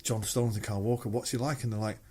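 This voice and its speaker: A man's voice: on the low side, quick pace, breathy edge. Mancunian man, middle-aged, casual storytelling, swears a lot, voices other people. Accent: Mancunian English. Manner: swears freely, animated storytelling with quoted voices. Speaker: musician guest. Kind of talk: casual anecdote telling.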